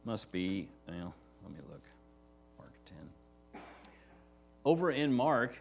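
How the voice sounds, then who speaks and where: A man preaching a verse-by-verse sermon as pastor, talking to the congregation in a conversational way and often asking "right?". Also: mid-range voice. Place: church sanctuary.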